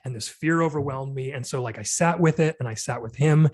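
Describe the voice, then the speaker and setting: A man in his thirties, guesting on a podcast, gives an earnest, reflective account of his own experience, peppered with "like" and "you know." His voice is medium-pitched and darkish, fairly quick, in a dry recording.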